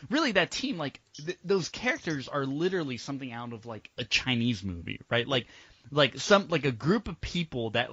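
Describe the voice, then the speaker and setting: A man's voice: mid-range voice, very animated, moderate pace, sharp tone, slightly rough, dry recording. A man co-hosting a casual podcast review, ranting with lots of fillers and swearing. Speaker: podcast co-host. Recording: dull lo-fi sound.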